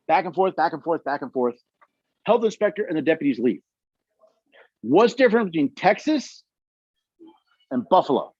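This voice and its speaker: A man's voice: a little high, sing-song, moderate pace, long pauses, darkish tone, slightly rough, dry recording, muffled recording. A man leading a constitution study session, telling stories emphatically and acting out the quotes, with audience questions. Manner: emphatic storytelling, acts out quotes.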